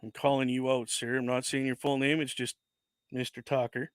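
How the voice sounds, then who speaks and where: A man's voice: medium pitch, little pitch movement, moderate pace, no room sound. A man hosting a casual livestream, chatting as he unboxes, rambling, correcting himself and swearing casually into a desk microphone. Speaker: livestream host.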